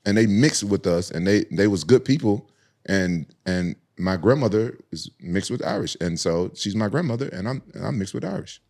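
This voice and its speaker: A man's voice: on the low side, expressive, normal speed, gravelly, a little mellow. A man in his forties with a Southern American accent, guest on a podcast, telling stories animatedly with frequent laughs and repeated words. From United States. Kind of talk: casual chat.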